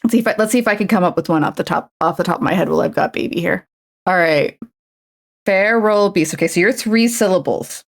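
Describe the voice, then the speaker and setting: A woman's voice: lowish voice, quick pace. A woman streaming while she paints a miniature, chatting casually and playfully, cooing baby talk at her pet. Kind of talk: casual chat while crafting.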